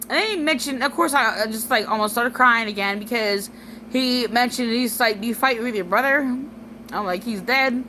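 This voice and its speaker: A woman's voice: on the high side, moderate pace, pushed and bright, a little hiss or hum, low-quality recording. A tearful woman rambling through a personal vlog monologue, full of restarts and fillers.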